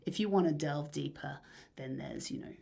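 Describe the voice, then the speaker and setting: A woman musician talking casually in an interview, rambling and dreamy with many fillers and soft breathy asides. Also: deep voice, normal speed. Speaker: musician guest.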